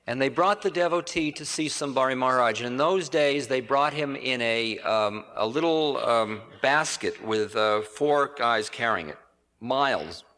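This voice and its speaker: A man tells teaching stories to a live audience in a loose, conversational way. He often restarts and adds asides. His voice sits in a middle pitch, and the old hall recording carries a long echo. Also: measured pace, bright, forceful tone. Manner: rambling, conversational, with self-corrections and asides. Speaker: spiritual teacher giving a lecture. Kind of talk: storytelling lecture. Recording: reverberant 1980 hall recording.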